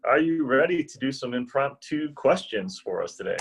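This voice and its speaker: A man's voice: medium pitch, expressive, normal speed, vocal fry, slight background noise, low-quality recording. A man chairing an online speaking club meeting, courteously introducing each speaker over a video call.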